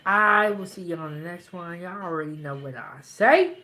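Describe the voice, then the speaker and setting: A woman's voice: fairly low pitch, moderate pace, pushed and bright. A woman hosting her cooking channel, chatting casually and playfully, laughing at herself and tired after eating. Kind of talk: casual chat to camera.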